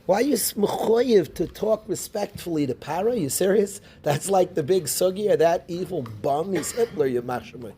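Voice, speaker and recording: A man teaching an informal Torah class as a rabbi, animated, firing rhetorical questions and mixing Hebrew terms into his English. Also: high voice, normal speed, hardly any pauses, breathy edge.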